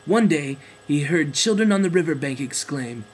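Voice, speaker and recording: Man, storybook narrator, gentle, expressive, animated pitch, slightly high. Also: normal speed, heavy background noise.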